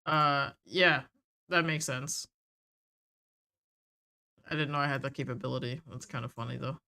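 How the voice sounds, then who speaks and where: A woman's voice: a bass voice, steady tone, normal speed, creaky, bright, forceful tone. A woman narrating a tabletop game as game master, in a casual, rambling way with fillers and laughs.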